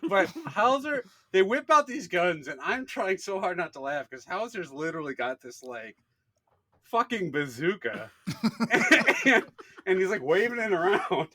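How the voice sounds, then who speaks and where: Animated young man telling a story. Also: high voice, a little slow, no echo. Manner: animated storyteller, laughs often. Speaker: podcast co-host. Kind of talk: casual chat, storytelling.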